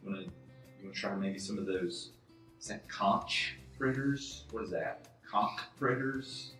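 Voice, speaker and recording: A man's voice: fairly low pitch, unhurried, bright, forceful tone. A man playing a courteous, fussy restaurant customer who orders in long detail and calls the waiter sir, in a live comedy skit. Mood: polite. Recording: echoey hall, voice from a distance, faint music.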